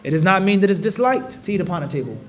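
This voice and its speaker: A man gives a religious lesson in a lively, animated way, slipping into voices for everyday scenes. His voice sits high and his words tumble out fast. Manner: animated, acts out dialogues, recites Arabic rapidly. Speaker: Islamic teacher. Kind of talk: religious lesson with acted examples.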